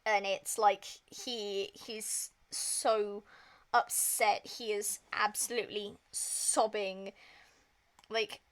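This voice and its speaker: A woman's voice: mid-range voice, little pitch movement, drawn-out words, fairly bright tone. A woman streaming, retelling a story in a casual, rambling way, full of fillers and swearing. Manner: rambling, heavy filler use, frequent swearing.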